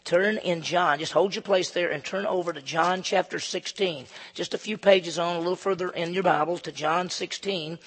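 A man preaching a conversational, emphatic sermon as pastor, swinging between loud and soft. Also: sits high, steady tone, moderate pace, few pauses, breathy edge. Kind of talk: expository sermon. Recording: long hall reverb.

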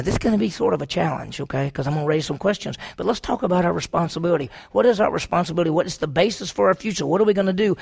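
A man's voice: sits high, creaky, slightly rough. A man preaching a sermon, driving his points home with repeated rhetorical questions to the congregation. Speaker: pastor.

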